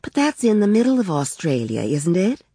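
A timid, anxious wife who speaks hesitantly and softly, as a woman reader puts her on. The part sits higher than the reader's own low voice and moves slowly. The voice has a husky edge in a dry, close sound. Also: big pitch swings, dry recording. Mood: uneasy. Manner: hesitant, soft-spoken.

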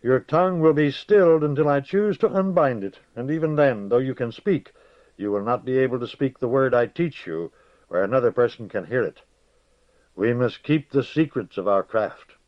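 A man's voice: medium pitch, expressive, moderate pace, close to an everyday voice. A man reading aloud and voicing a stern, secretive village witch woman who speaks in a solemn, commanding way, in a dull lo-fi recording.

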